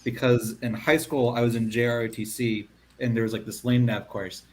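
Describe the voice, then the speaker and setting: A man on a podcast panel, reflecting casually, with his sentences trailing off softly at the end. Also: medium pitch, little pitch movement, moderate pace, a little hiss or hum.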